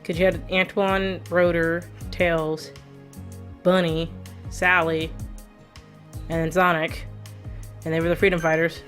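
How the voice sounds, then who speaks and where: Rambling woman streamer with a lowish voice. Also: level tone, takes it slowly, long pauses, fairly bright tone, faint music behind. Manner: rambling, laughs often, chatty. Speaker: let's play streamer. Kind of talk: casual gameplay commentary.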